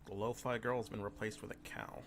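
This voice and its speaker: A man's voice: fairly low pitch, steady tone, brisk, fairly bright tone, a little hiss or hum. A man hosting a casual streamed chat, loose and joking, who swears freely. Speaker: host.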